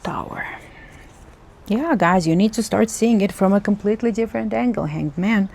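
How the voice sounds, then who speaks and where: A woman's voice: medium pitch, vocal fry, darkish tone. A woman giving an earnest, emotional spiritual message as a tarot reader, repeating herself for emphasis. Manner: slow, earnest, repetitive, emotional.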